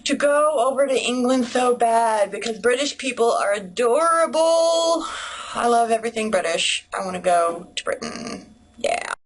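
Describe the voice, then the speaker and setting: A woman's voice: fairly high pitch, expressive, moderate pace, low-quality recording. A young woman, chatting casually to camera in a bubbly, rambling way. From United States. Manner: bubbly, rambling, heavy use of "like". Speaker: vlogger.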